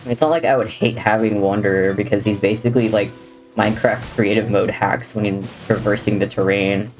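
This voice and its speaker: A man's voice: lowish voice, level tone, brisk. Chatty male streamer with faint game music. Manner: chatty, jokey, drifts between talking to chat and to the game. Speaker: livestreamer. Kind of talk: casual gameplay commentary, reading chat.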